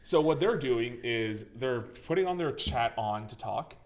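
A man's voice: medium pitch, unhurried. A man co-hosting a casual gaming podcast, telling a story with lots of swearing and acted-out reactions. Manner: animated storyteller, swears freely, acts out his own reactions. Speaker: podcast co-host.

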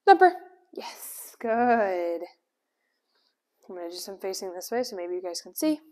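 A medium-pitched woman dog trainer runs a casual demonstration indoors at home, recorded by a camera some distance away. She explains calmly, cheerfully calling the dog's name and giving quick praise in between.

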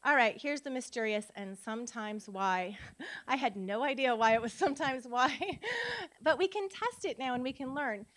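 A woman's voice: high-pitched, normal speed. A woman from Minnesota giving a live phonics workshop to tutors, sounding out letters and quizzing the audience. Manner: lively, demonstrates sounds aloud, asks audience questions. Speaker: literacy educator, conference speaker. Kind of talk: live teaching talk to tutors. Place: conference room.

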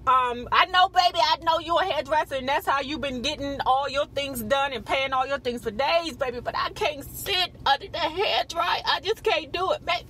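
Sassy high-voiced gossip host woman. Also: fairly bright tone, a little hiss or hum. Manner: sassy and profane, with frequent "child" and "baby". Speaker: celebrity gossip vlogger. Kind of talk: casual gossip commentary. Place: not on camera, audio-only.

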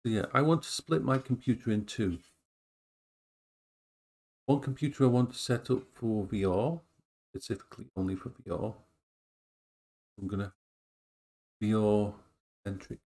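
A middle-aged vlogger chats playfully at home, rambling and cooing at his dogs, recorded on a tablet used as an action cam. His fairly low, darkish voice carries vocal fry, moves at normal speed, and includes long pauses.

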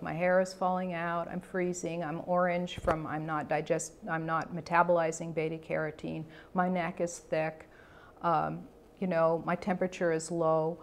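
Lowish-voiced woman telling a health story. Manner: animated storytelling with quoted dialogue and frequent restarts; conversational, self-correcting. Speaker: health educator. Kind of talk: personal story and health talk.

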